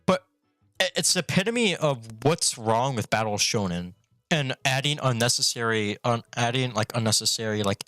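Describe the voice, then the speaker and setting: A man's voice: mid-range voice, pushed and bright, dry recording. A male streamer ranting bluntly and profanely in a rambling casual way, talking with a retainer in his mouth. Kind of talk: casual opinion rant.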